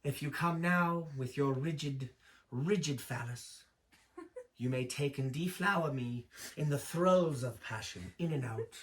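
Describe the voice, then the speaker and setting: A man voicing a prim, formal English lady in a put-on posh accent, speaking softly and slowly. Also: medium pitch, close to an everyday voice. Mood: coy. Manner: soft, slow, overly formal.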